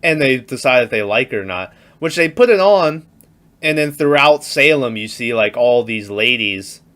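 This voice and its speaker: Animated, bright-voiced podcast co-host. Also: male voice, medium pitch, normal speed. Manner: animated, laughs often, acts out scenes. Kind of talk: casual movie chat.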